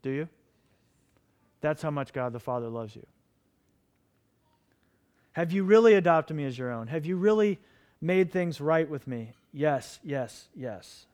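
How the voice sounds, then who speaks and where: A man's voice: a little high, expressive, a little slow, pauses often, darkish tone, smooth. A middle-aged man preaching a sermon as pastor, impassioned and pleading with his listeners.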